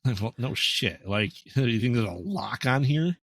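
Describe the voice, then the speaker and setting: A man's voice: mid-range voice, expressive, unhurried, a bit bright, husky, no room sound. A man co-hosting a podcast, giving laid-back, hesitant opinions on a film. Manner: laid-back, hesitant with ums and restarts, dry asides. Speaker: podcast co-host. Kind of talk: casual movie review chat.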